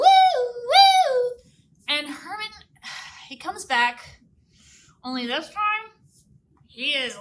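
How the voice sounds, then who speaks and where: Animated high-voiced woman telling a children's story. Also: recorded from a distance. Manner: animated, with sung sound effects and exaggerated exclamations.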